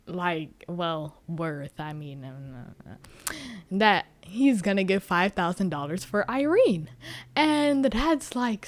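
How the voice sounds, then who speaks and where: A woman's voice: fairly low pitch, slow pace, dry recording. A woman hosting a podcast, recapping a book in a casual, joking way with free swearing. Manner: animated, joking, swears freely. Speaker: podcast host.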